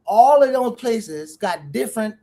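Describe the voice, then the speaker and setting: A co-host, telling stories animatedly in casual chat. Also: mid-range voice. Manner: animated storyteller, quick asides.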